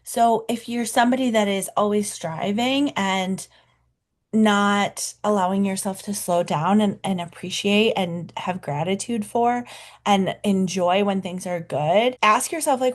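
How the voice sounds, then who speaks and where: A woman talking to camera as a coach, in a casual, reflective way, full of "like" and "right?", slowing down to linger on key words. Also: mid-range voice. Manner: chatty, many fillers like "like" and "right?". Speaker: life coach.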